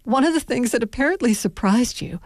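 A woman interviewer asking measured, well-informed questions. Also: on the high side, expressive, darkish tone, dry recording, studio quality.

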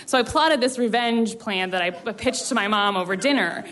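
A woman's voice: mid-range voice, moderate pace, a bit bright. A young woman telling a funny personal story live at a story slam, acting out quoted lines with self-mocking humor.

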